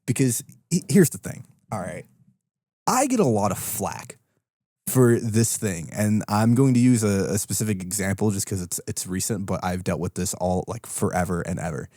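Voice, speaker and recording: A man's voice: on the low side, animated, normal speed, dark tone, no echo, studio quality. A man co-hosting a podcast in casual chat, ranting with plenty of swearing and laughter. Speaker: podcast co-host.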